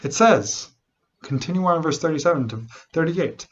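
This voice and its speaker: A man preaching a sermon, animated and unhurried, often restarting his phrases. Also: a little high, dull audio, a little hiss or hum. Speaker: pastor.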